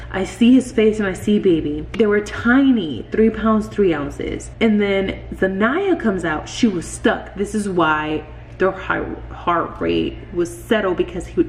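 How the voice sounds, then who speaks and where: A young woman tells a story to the camera in an expressive, loose way, swearing freely and leaning on "like" as she talks. Her voice sits at an ordinary pitch. The room is roomy and echoey, with a faint hum of ambience behind her. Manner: expressive, swearing, many "like" fillers. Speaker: vlogger. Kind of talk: storytime vlog.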